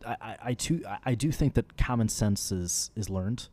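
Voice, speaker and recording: A man's voice: fairly low pitch, lively intonation, moderate pace, a little mellow. A man in casual podcast conversation, thinking aloud and restarting his sentences as he works through an idea. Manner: thinks aloud with repeated starts. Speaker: podcast guest.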